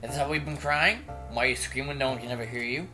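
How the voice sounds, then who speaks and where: A man's voice: mid-range voice, fast, over music, natural voice. A man reading aloud the lines of a cruel, mocking male reflection in a visual novel, in a matter-of-fact, sneering way. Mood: taunting.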